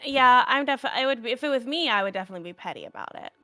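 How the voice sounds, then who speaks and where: A woman's voice: a little high, expressive, sharp tone, no echo, faint music behind. A woman playing a tabletop game, talking casually and teasing the other players. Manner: teasing, quick to challenge others.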